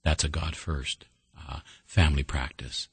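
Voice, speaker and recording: Male radio preacher, deep husky voice, dry close mic, folksy and earnest. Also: a little slow, no room sound. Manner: folksy storytelling, earnest and steady. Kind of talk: sermon.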